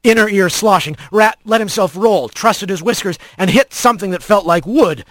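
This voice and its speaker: A man's voice: sits high, moderate pace, a bit bright, no echo. Man narrating an action story. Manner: tense, vivid storytelling. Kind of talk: audiobook narration.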